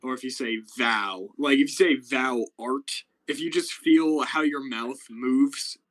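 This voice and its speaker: A man's voice: medium pitch, measured pace, fairly bright tone, poor audio. Rambling young man explaining. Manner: rambling, lots of fillers, explains things. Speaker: podcast host. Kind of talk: casual chat.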